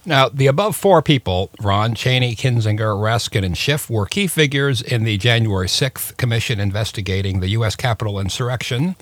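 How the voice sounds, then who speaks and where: A man hosting a talk radio show, chatty and jokey, interviewing a guest with some halting pauses. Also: mid-range voice, expressive, no echo. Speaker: radio host.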